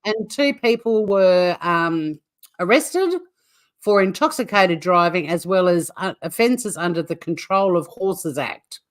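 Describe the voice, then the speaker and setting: A woman's voice: on the low side, measured pace, no echo. An Australian woman co-hosting a comedic news show, chatting animatedly and swearing freely. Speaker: co-host.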